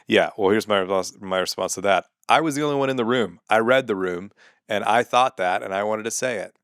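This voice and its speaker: A man's voice: sits low, quick pace, fairly bright tone, smooth, dry recording, clean studio sound. A comedian doing a sarcastic, exasperated comedy rant about his online commenters. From United States. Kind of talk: comedic monologue. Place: home sun room.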